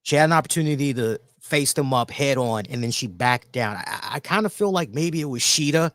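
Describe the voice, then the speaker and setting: A man hosting a solo wrestling review, talking in an animated, emphatic way and repeating words for emphasis. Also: mid-range voice, fairly quick, no echo, clean studio sound. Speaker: wrestling show reviewer, host.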